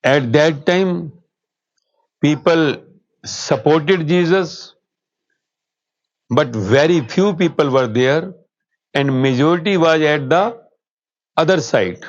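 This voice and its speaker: A man giving a spiritual discourse, telling a story slowly and earnestly. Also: a little high. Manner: slow, earnest storytelling, quotes with rising emphasis. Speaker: spiritual teacher. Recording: dull, slightly lo-fi sound.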